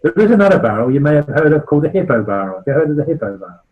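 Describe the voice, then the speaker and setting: The voice is a little high, swinging widely in pitch and coming out rapid-fire over narrow, tinny audio. It belongs to a charity founder in his sixties from the West Country of England, chatty and anecdotal in an informal club talk, often asking "right?".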